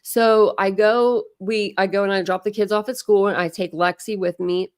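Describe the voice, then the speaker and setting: A woman's voice: mid-range voice, steady tone, normal speed, dry recording, studio quality. A middle-aged woman chatting casually on a livestream, gushing and rambling as she shows family photos.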